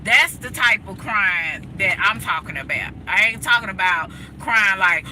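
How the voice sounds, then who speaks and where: Driving as she livestreams, an outspoken woman speaks emphatically to her chat in a mid-range voice that is pushed and bright, with lively intonation, an unhurried pace, and hardly any pauses. The casual motivational chat is captured in a rough recording with slight background noise.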